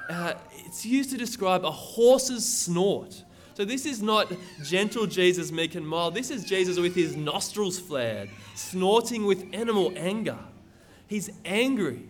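A man preaching a sermon, reading scripture aloud and explaining it in an earnest, emphatic way. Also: high-pitched. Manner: earnest, emphatic, repeats words when stressing.

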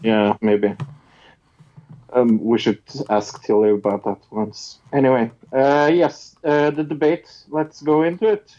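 A man's voice: mid-range voice, steady tone, a little slow, warm tone. A man from Norway with a Norwegian accent, co-hosting a podcast in casual chat, blunt, laughing often and swearing. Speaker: podcast co-host. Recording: dull lo-fi sound.

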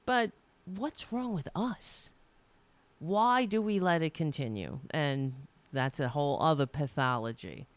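A woman's voice: low-pitched, animated, a little slow, no echo. A woman hosting a casual livestream from home, chatting candidly, laughing easily and swearing now and then. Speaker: political livestream host. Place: home room.

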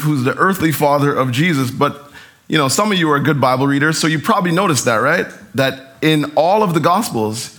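A man's voice: fairly high pitch, fairly bright tone. A man preaching a sermon in a church, talking conversationally and leading the congregation in call-and-response. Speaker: pastor. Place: church sanctuary.

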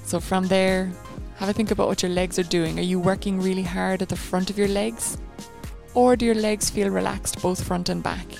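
A woman leads a guided running session as a coach. She talks in a chatty, rambling, encouraging way. Her voice has a noticeable gravelly fry, and faint music plays underneath. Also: mid-range voice, steady tone, moderate pace, a little mellow.

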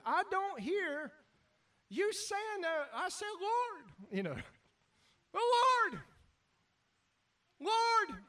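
A man preaching a sermon as pastor, animated, shouting at times and then dropping to quiet asides. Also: very high-pitched, far from the mic.

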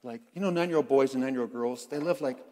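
A man preaching a sermon to his congregation, playful and animated, who acts out quotes and makes sound effects. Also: medium pitch, quick pace. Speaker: pastor. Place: church sanctuary. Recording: long church reverb.

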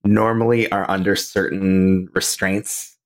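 A man's voice: sits low, little pitch movement, takes it slowly, slight background noise. A man on a casual podcast, asking hesitant, coy questions.

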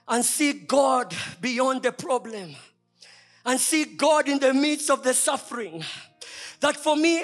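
Male pastor, very high and bright voice, preaching with sudden shouts and hushed drops, music under the sermon. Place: church.

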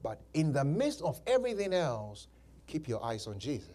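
A man's voice: fairly high pitch, wildly swooping pitch, normal speed, darkish tone. A male pastor preaching a sermon, repeating phrases and laughing between points. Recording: live church service.

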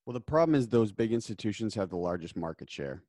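Deep-voiced casual podcast host. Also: male voice, animated, quick pace, mellow. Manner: casual, teasing questions.

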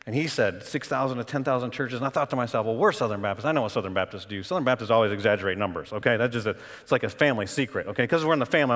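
A man preaching a sermon as pastor, talking conversationally and then rising to loud, emotional cries. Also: mid-range voice, big-room sound.

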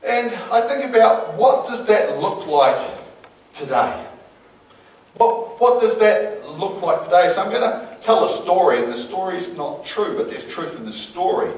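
A man's voice: high voice, expressive, measured pace. A man preaching a sermon and telling a story with acted-out voices. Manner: storytelling, acts out voices in an anecdote. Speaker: pastor. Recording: echoey hall from far off.

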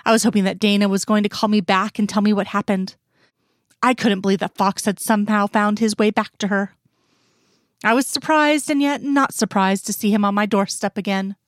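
Woman narrator, measured storytelling, mid pitch, dry close mic. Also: steady tone, dry recording. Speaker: reader.

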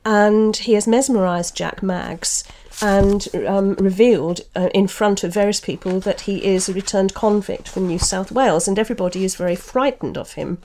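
A woman's voice: mid-range voice, moderate pace, hardly any pauses, darkish tone, a little hiss or hum. A woman novelist discussing a book and reading from it, thoughtful and full of restarts. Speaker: novelist guest.

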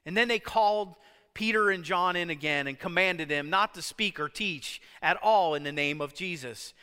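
A man preaching a sermon, emphatic, swinging between loud stresses and hushed lines. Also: sits high, normal speed, smooth. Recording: long hall reverb.

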